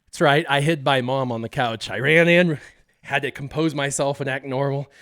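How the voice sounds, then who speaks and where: A man's voice: mid-range voice, normal speed, a bit bright, no room sound, clean studio sound. A young man telling a childhood story on a casual live stream, acting out the scenes and laughing often.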